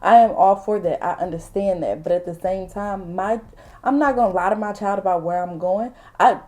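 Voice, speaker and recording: A woman in her late twenties telling a casual storytime while doing her makeup, blunt, animated and full of profanity. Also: mid-range voice, normal speed. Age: late 20s. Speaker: vlogger.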